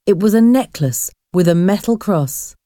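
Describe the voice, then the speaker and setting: A woman narrating a storybook in a slow, expressive reading voice. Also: mid-range voice, no room sound, studio quality.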